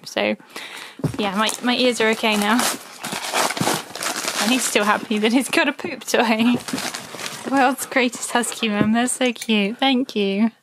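A woman's voice: on the high side, noisy background. A woman chatting casually as she opens fan mail at home and coos at her dog in a sing-song voice. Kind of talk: casual chat.

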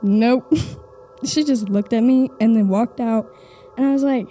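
A woman's voice: fairly high pitch, moderate pace, warm tone, soft background music. A young woman from the audience casually telling a ghost story, chatty with lots of fillers.

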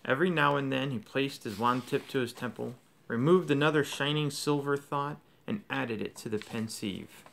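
A man reading a novel aloud to his children in a steady, even narrating voice. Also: mid-range voice, moderate pace, creaky, few pauses, a little hiss or hum.

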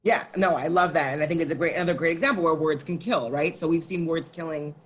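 A woman's voice: deep voice, steady tone, quick pace, breathy edge. A woman teaching a Talmud study session, explaining each line and often checking in with her listeners. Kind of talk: co-taught text study session.

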